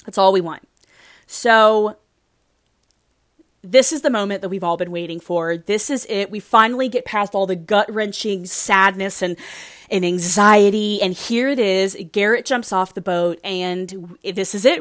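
A young woman chatting casually about a show, emotional and gushing, with many fillers and restarts. Her voice leaps high when she gets excited. The sound is close and dry. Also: measured pace, no echo. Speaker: podcast host recapping a reality show. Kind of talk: casual chat.

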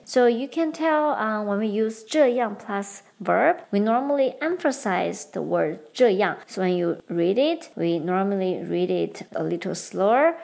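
A young woman hosting a podcast lesson, explaining Chinese patterns clearly and switching between English and Mandarin. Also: medium pitch, expressive, measured pace, hardly any pauses, darkish tone. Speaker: podcast host and Chinese teacher. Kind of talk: bilingual language lesson.

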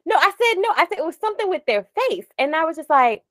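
Woman in her forties, casual podcast co-host; a lively, swooping voice, laughing storyteller prone to tangents, recorded close and dry. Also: very high voice, fast, no room sound. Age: 40s. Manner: animated, laughing storyteller who drifts off on tangents. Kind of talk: casual chat.

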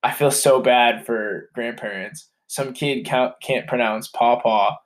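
A man's voice: medium pitch, a little slow. A man co-hosting a casual podcast with his partner, telling rambling stories in a joking way. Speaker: podcast co-host. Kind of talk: casual chat.

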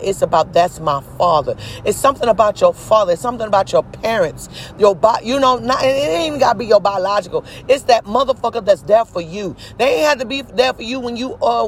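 A man's voice: sits high, slight background noise, rough recording. A man in his twenties telling a personal story in a casual vlog, emphatic, preachy and full of profanity. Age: 20s. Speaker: vlogger. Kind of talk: casual testimony monologue.

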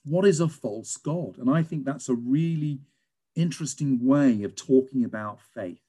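A British man, a teacher and guest, telling lively stories in a conversational interview. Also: mid-range voice, moderate pace, slightly rough. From England. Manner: animated storyteller, lively and emphatic.

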